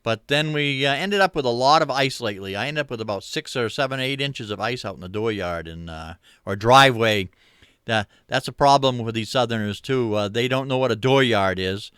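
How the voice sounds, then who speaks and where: A middle-aged man from Maine with a Maine accent, hosting a relaxed livestream chat with viewers, rambling easily with lots of fillers. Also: mid-range voice, a little fast, clear, resonant tone, no room sound, studio quality. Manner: easygoing, rambling, many uh fillers, chuckles. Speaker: livestream host. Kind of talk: casual chat reading viewer comments.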